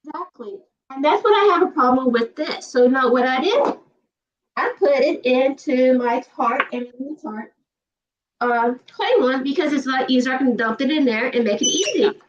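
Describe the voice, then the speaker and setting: A high-pitched woman with a Southern accent talks fast and emphatically, often repeating herself. Her voice sounds set back from the mic, and the livestream audio is dull. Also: lively intonation, recorded from a distance. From Georgia, USA. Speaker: livestream host. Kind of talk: casual chat.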